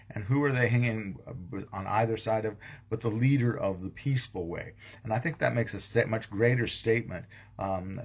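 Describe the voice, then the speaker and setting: A man, a pastor, giving a casual daily devotional talk, rambling with frequent ums and restarts. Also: fairly low pitch. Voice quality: gravelly, husky.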